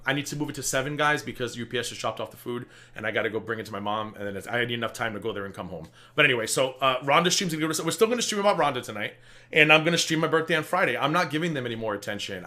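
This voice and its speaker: A man hosting a livestream, chatting casually and telling stories in an animated, profane way. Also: medium pitch. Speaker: livestream host. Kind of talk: casual chat.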